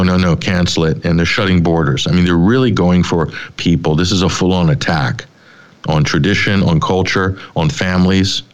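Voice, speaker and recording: Low-voiced middle-aged male host, sardonic and rambling, opinion commentary. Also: lo-fi sound. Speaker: talk show host.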